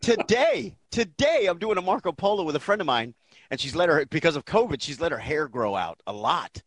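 A male podcast host with a fairly high voice that swings all over as he talks. His speech is animated and eager as he riffs along with his guest, and the recording sounds close and dry with no room around it. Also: no echo. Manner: lively, quick to riff and quote along. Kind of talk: casual chat.

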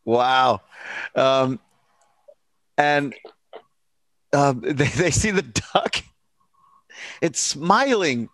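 A man's voice: mid-range voice, extremely slow, pauses often, a bit bright, no room sound. Hesitant man with a dry sound. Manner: hesitant, many fillers, chimes in with reactions. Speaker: podcast co-host. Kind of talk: casual chat.

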